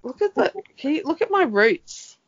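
A woman's voice: high-pitched, big pitch swings, unhurried. Middle-aged woman, casual rambling chat, lots of fillers, dull lo-fi sound. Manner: chatty, rambling, many fillers. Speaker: podcast co-host.

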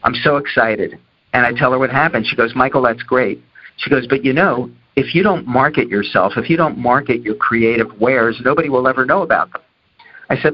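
A man's voice: medium pitch, fairly quick. An older man from New Jersey telling an anecdote from his career and acting out each person's lines. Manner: acts out dialogue with lively voices. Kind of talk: anecdotal storytelling talk. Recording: dull lo-fi audio.

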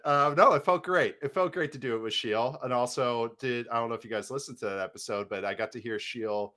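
A man appearing as a guest analyst on a sports podcast, chatting casually, quick and joking with frequent laughter. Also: mid-range voice, sharp tone.

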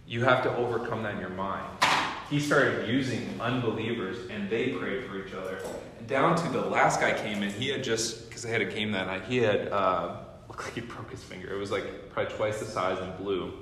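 A young man giving a guest teaching at a training school, telling stories in an animated way and acting out what people said. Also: lowish voice, normal speed, slight background noise. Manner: animated storyteller acting out quotes. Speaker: guest lecturer. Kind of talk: storytelling sermon. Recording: echoey hall with long reverb.

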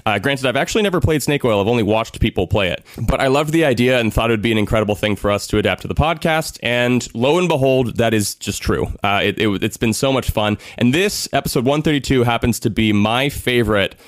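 A man's voice: medium pitch, animated, fast, hardly any pauses, no echo, studio quality. A young man hosting a podcast, rambling casually with lots of fillers. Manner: rambling, filler-heavy, laughs often. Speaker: podcast host.

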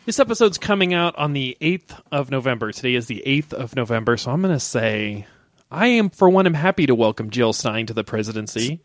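A man's voice: medium pitch, very animated, a little fast, no echo, studio quality. A man co-hosting a comedy podcast, joking and teasing in improvised banter. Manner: playful, teasing, goofy. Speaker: podcast co-host.

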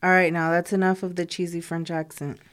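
A woman's voice: on the low side, flat delivery, a little fast. A woman in a comedy sketch, stern and exasperated. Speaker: sketch performer.

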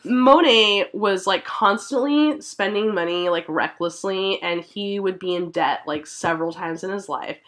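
A woman hosting a casual chat podcast, telling a story in an animated way and laughing now and then. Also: mid-range voice, measured pace, few pauses. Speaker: podcast host.

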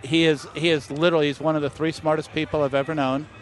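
Animated middle-aged man telling stories. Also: fairly high pitch, quick pace. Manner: animated anecdote-teller who acts out quoted voices. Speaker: master distiller guest. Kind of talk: casual storytelling interview.

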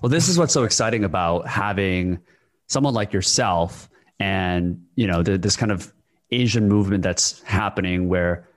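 A male podcast host with a fairly low voice. He keeps a relaxed, supportive tone and talks casually, with words like "dude" and "like". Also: moderate pace. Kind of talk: casual interview conversation.

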